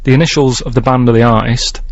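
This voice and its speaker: A man presenting a quiz segment on a radio show, rambling and halting as he gives clues in a deadpan way. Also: mid-range voice, dry recording. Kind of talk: casual radio banter. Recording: dull, dry radio studio recording.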